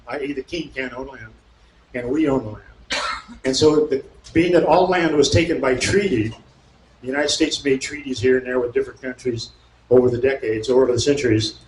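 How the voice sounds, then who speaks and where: A man reading aloud and explaining to an audience, indignant and fired-up, with mocking asides and bursts of shouting. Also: medium pitch. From California. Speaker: speaker at a local meeting. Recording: echoey room with faint background noise.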